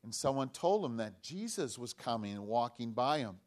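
A man preaching a children's sermon, telling a story in an animated way and asking the children questions. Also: medium pitch, moderate pace. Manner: animated, asks children questions, acts out voices. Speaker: pastor giving a children's message.

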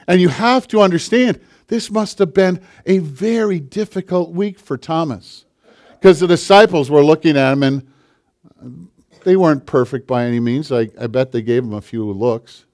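A male pastor preaching a sermon with passion, swinging from forceful declarations to hushed, intimate asides. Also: on the high side, normal speed.

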